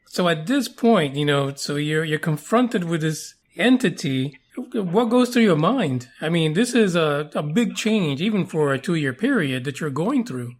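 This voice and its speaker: A man's voice: fairly high pitch, expressive, a little slow, hardly any pauses. A man hosting a radio show, asking a guest brief questions. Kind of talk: interviewing.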